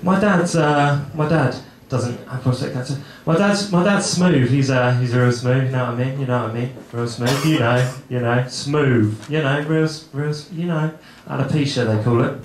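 A man's voice: mid-range voice, normal speed, hardly any pauses, a little hiss or hum. A young man doing a stand-up set on a club stage, awkward and rambling, swearing freely and mocking himself. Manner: awkward, rambling, self-deprecating, swears a lot. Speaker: stand-up comedian. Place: comedy club stage with a live audience. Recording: echoey room with loud crowd laughter.

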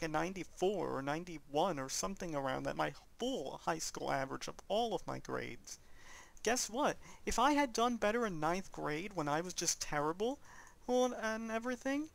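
Young male gamer, high voice with fry, earnest and rambling, casual commentary. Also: fairly bright tone. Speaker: let's play commentator. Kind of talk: casual gaming commentary chat.

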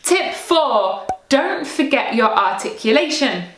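A woman's voice: high voice, lively intonation, takes it slowly, fairly bright tone. Woman music teacher, echoey room. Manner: clear, encouraging, sings rhythms aloud. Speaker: recorder teacher. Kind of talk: practice tips lesson.

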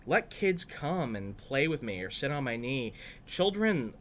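A man voicing a gentle, kind teacher who speaks softly and reassuringly to children. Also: mid-range voice, very animated, a little slow, a little hiss or hum.

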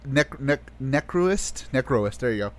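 A man's voice: medium pitch, animated, unhurried. A man co-hosting a casual podcast, telling a story with a lot of swearing and acting out his own side of an argument. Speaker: podcast co-host.

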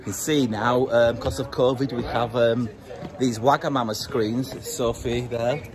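A man's voice: medium pitch, steady tone, measured pace, crowd noise. Rambling jokey man filming a video diary. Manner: rambling, jokey, self-mocking. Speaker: TV show host. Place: backstage dressing room at a TV studio.

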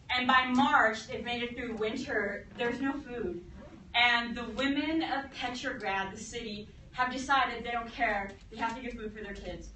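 A woman history teacher telling a lecture as a lively story, acting out quotes and laughing along. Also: fairly high pitch, a little hiss or hum. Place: classroom. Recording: echoey classroom from far off.

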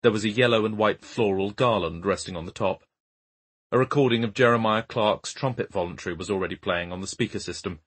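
Deep, husky male audiobook narrator. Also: fairly quick, a bit bright.

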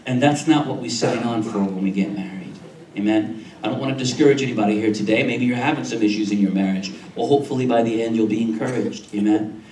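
A man's voice: lowish voice, fast, a little mellow, slight background noise. A male pastor preaching a sermon, repeating phrases and asking "Amen?" to the congregation. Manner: preaching with frequent "Amen?" checks and repetition. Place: church sanctuary. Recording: roomy, distant church recording.

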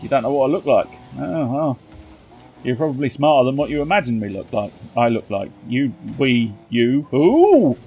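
A man with a jokey, excitable manner, commentating his own car football match and cheering on his teammates. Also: mid-range voice, moderate pace, husky, dull audio. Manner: excitable, cheering on teammates with shouts and silly jokes. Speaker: gaming commentator.

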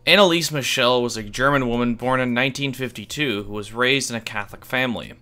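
A man's voice: medium pitch, fast talker, sharp tone, faint music behind. A man reading a scripted video narration in an offhand, wry way, dropping casual asides and the odd swear word for comic effect. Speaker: YouTube iceberg explainer.

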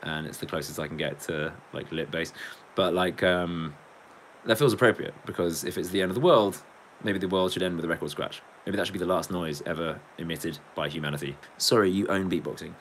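A man who beatboxes chats casually on a live stream, rambling, joking, swearing freely and often cracking up with laughter. His voice sits low and his pace is brisk. There's a little hiss or hum in the audio.

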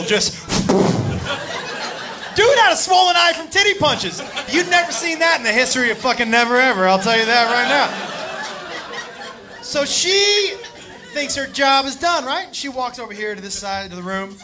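A man telling a loud, profane story as a stand-up comedian, acting out the people in it. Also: very high voice, big pitch swings, moderate pace. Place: comedy club stage with laughing audience. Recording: live club recording with crowd noise.

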